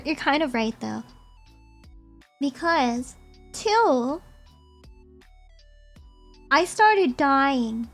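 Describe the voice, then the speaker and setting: A young woman streamer chatting casually and rambling as she ranks movies, often giggling. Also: high voice.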